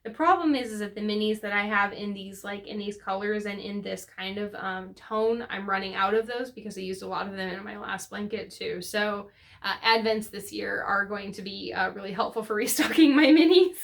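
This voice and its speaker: A woman's voice: medium pitch, normal speed, vocal fry. A woman hosting a knitting podcast, chatting casually and rambling with many fillers and self-corrections. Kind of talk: casual chat to camera.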